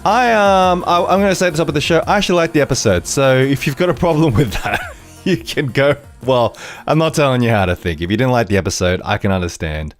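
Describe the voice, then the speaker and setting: A man hosting a podcast, reviewing a TV episode in an animated, rambling way with frequent restarts. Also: medium pitch, quick pace, faint music behind. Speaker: podcast host.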